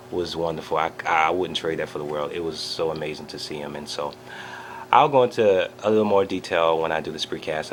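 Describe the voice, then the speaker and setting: Low-voiced man excitedly retelling a story. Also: a little hiss or hum. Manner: animated storyteller, acts out quotes with fillers. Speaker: vlogger. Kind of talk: excited personal recap.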